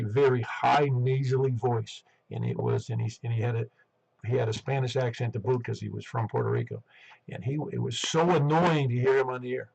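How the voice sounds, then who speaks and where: A man's voice: mid-range voice, creaky, a little mellow, breathy edge, dull audio. A man hosting a ham radio net on a headset, chatting casually and rambling with lots of restarts. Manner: rambling, chatty, self-interrupting.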